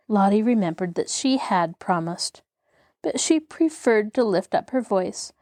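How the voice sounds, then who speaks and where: A woman's voice: mid-range voice, no echo, studio quality. Woman reading a classic novel aloud. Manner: measured, expressive reading. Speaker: host and audiobook narrator. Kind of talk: scripted narration of a classic novel.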